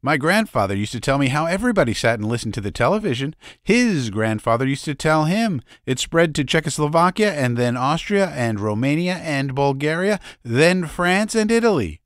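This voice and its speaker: A man's voice: on the high side, sing-song, no echo, studio quality, pitched above the performer's own voice. A man voicing a shy young man in an audiobook, hurrying through what his grandfather told him. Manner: shy, rushed recounting.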